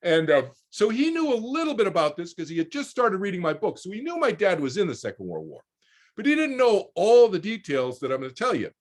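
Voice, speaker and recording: A man's voice: high voice, wildly swooping pitch, brisk. Man in his 60s telling a story over a video call. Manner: repeats words while finding his thread, voices other people in quotes. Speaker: interview guest, author. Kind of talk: animated personal storytelling.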